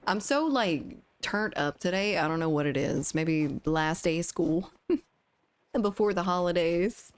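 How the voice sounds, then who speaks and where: Giggly young woman streamer, low voice. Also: animated, takes it slowly, long pauses, smooth. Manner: chatty, giggly, reads chat aloud. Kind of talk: casual gaming livestream chat. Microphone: studio condenser mic.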